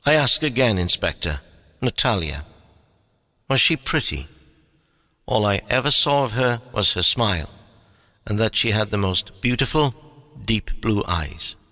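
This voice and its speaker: A man's voice: lowish voice, expressive, a little slow, pauses often, no echo. A man voicing a regretful old astronaut commander. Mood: wistful. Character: old former astronaut commander with a painful back, confessing. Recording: soft music underneath.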